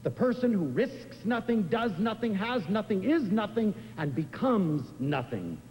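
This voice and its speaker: An older man giving an inspirational lecture, telling stories in an animated, expressive way. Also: unhurried. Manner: expressive, animated storytelling with big swings in pitch. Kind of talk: inspirational lecture to a live audience. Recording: live lecture in a hall with faint room noise.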